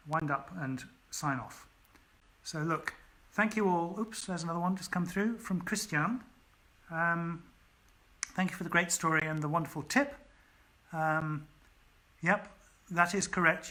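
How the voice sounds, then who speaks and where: A man's voice: on the high side, sharp tone. A man, an author, reading his story aloud and then chatting casually with viewers on a home livestream, full of ums. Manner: chatty, many ums, thanks viewers by name. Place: at home during lockdown.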